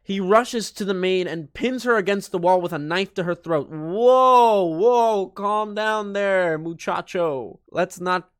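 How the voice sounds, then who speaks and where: A man's voice: high voice, no room sound, clean studio sound. Joking young man reading aloud. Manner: joking, sarcastic asides and mock-dramatic voices. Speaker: YouTuber. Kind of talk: reading a fan story aloud with commentary.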